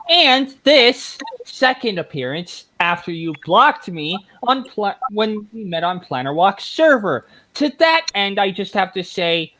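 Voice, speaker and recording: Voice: medium pitch, fairly bright tone, poor audio. A podcast guest explaining a point at length in emphatic, detailed terms, then taunting an online opponent. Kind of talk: casual explanatory chat.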